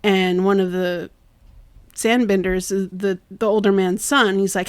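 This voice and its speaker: A woman's voice: medium pitch, measured pace. Woman retelling scenes animatedly. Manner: animated retelling with acted quotes. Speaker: podcast co-host. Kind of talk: casual chat.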